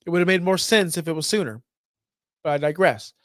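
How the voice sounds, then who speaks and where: A man's voice: on the high side, expressive, a little fast, no room sound, studio quality. A man co-hosting a casual podcast, enthusiastic and easygoing. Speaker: podcast co-host.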